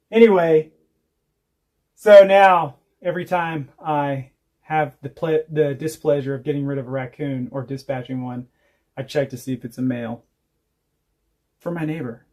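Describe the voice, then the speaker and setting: This man's voice is a little high and a little mellow, with a measured pace and plenty of pauses. As a homestead vlogger on a relaxed livestream, he chats through rambling, cuss-laden stories with laughs.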